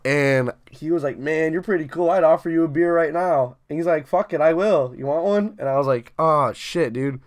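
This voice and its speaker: A man's voice: a little high, normal speed, few pauses. A young man co-hosting a podcast, telling long, rambling stories in casual chat, swearing constantly and laughing often. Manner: profane, rambling storytelling with frequent laughs. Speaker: podcast co-host.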